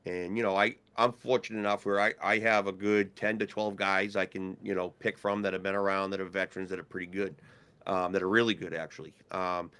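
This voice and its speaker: A man co-hosts a relaxed podcast, talking about refereeing in a low-pitched voice with a bright, forceful edge. He tells his stories loosely and with energy, acting out the voices of the people in them. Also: a little fast, smooth. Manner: storytelling, animated when quoting others. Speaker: hockey referee supervisor and podcast co-host. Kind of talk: casual podcast chat.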